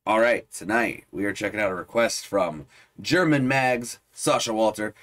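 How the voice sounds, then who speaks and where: A man's voice: fairly low pitch, normal speed. A man co-hosting a music video reaction, chatting in an easygoing way and greeting viewers. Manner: easygoing, warm, thanks viewers.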